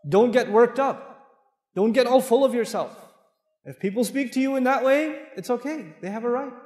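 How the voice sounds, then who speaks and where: With a very high, expressive, slightly mellow voice, a middle-aged Islamic lecturer speaks at a moderate pace to his mosque audience. His lecture is lively and playful, driven by anecdotes in which he performs the dialogue. The sound comes from a distance, echoing through a large mosque hall.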